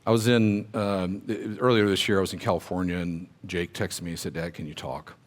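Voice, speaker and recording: A man's voice: low-pitched, little pitch movement, a little fast. A middle-aged man speaking to a room of real estate agents, telling personal stories in a conversational, motivational way and asking the audience questions.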